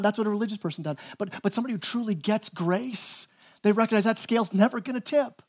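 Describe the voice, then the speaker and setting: High-voiced pastor preaching with animated energy. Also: male voice, fast talker. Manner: animated, acts out quoted voices, repeats words when starting phrases. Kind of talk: sermon.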